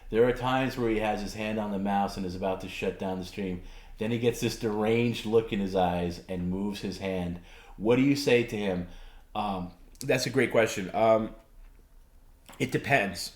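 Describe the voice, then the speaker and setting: A man's voice: fairly low pitch, moderate pace. A man with a dry throat, rambling and hesitant as he answers viewer questions as a stream co-host. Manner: rambling, hesitant, self-correcting. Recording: roomy echo.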